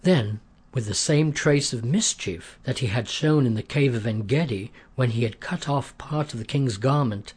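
A man reads a story aloud in a measured, earnest way. His voice is husky, with a middle pitch. The delivery is steady storybook narration.

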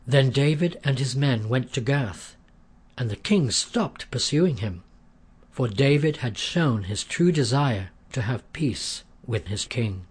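A man reads a story aloud in a measured, earnest way. His voice is husky, with a middle pitch. The delivery is steady storybook narration.

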